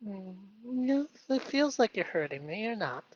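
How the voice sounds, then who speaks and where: A man hosting a live stream, talking through his feelings in an earnest, halting way with many fillers. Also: sits high, sing-song, lo-fi sound. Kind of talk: emotional self-reflective live stream.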